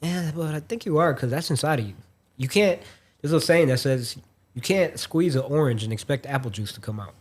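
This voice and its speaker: A man's voice: on the high side, expressive, a little fast, slightly rough. A man on a podcast telling a travel story in casual chat, acting out what other people said. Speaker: podcast host.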